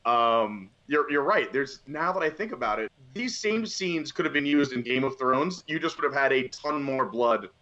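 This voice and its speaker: A man in casual conversation, rambling and animated as he retells scenes from a movie. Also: medium pitch, normal speed, few pauses, lo-fi sound. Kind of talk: casual movie review chat.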